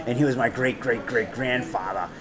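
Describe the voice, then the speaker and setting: A man who makes low-budget monster movies, chatting in a restaurant. He rambles and repeats himself, jumps between topics and gets excited about old horror films. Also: normal speed, crowd noise. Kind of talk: rambling casual chat.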